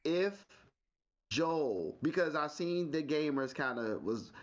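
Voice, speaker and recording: A man's voice: a little high, animated, takes it slowly, dull audio. A man co-hosting a podcast, casually retelling TV scenes with slang and laughter. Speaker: podcast co-host. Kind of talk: casual chat reviewing a TV show.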